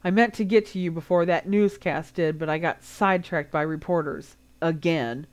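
A woman voicing a weary, steady father. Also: deep voice, normal speed, close to an everyday voice. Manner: even, tired, firm.

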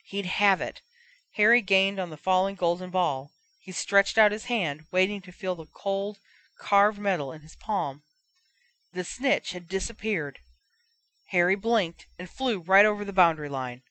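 A woman narrating a fan fiction audiobook in a steady storytelling manner. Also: mid-range voice, measured pace, no echo.

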